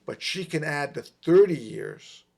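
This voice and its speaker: A middle-aged man telling a long personal story on a podcast, emphatic and animated, repeating his points. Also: a little high, unhurried, creaky. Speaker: podcast guest. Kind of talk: casual storytelling.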